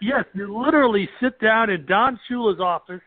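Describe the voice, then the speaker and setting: A man host chatting with excitement as he reminisces with a friend. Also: sits high, normal speed. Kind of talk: casual chat. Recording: phone-like narrow sound.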